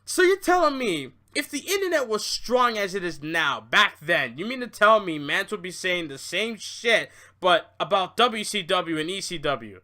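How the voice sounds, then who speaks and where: A young man rants on his podcast about wrestling fans, cursing and exasperated. His pitch leaps up and down as he talks. The tone is bright and edgy. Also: big pitch swings, moderate pace, hardly any pauses. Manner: profane, exasperated ranting. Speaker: podcast host. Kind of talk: casual wrestling rant.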